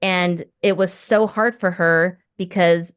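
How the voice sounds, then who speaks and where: A woman's voice: fairly low pitch, fairly even intonation, slow, smooth, no room sound, studio quality. A middle-aged woman hosting a podcast from home, talking in a chatty, rambling way with many fillers. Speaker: podcast host. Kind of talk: casual interview conversation.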